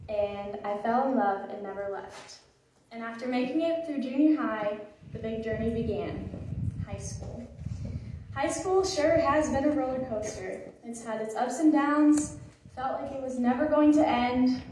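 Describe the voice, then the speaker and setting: A woman's voice: a little high, mellow, a little hiss or hum. A graduating teenage girl giving an earnest, heartfelt speech at a school ceremony, a little nervous. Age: late teens. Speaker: graduating student. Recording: echoey hall, distant mic.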